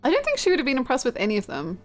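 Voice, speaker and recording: Bubbly woman streamer chatting with her viewers, high voice with big swings, quick to laugh and curse, soft game music underneath. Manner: animated, laughs often, swears freely. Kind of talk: casual chat with viewers.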